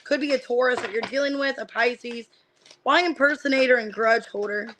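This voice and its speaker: A woman giving a casual live-streamed tarot reading. She names the cards one by one and thinks out loud as she reads them, with lots of fillers. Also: on the high side, moderate pace, noisy background. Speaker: tarot reader.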